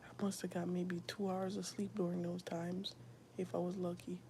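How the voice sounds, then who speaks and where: A young woman giving a whispered personal testimony, soft and halting, with a gravelly edge. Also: lowish voice, flat delivery, slight background noise. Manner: soft, often whispered, halting with many fillers. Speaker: streamer sharing a personal testimony.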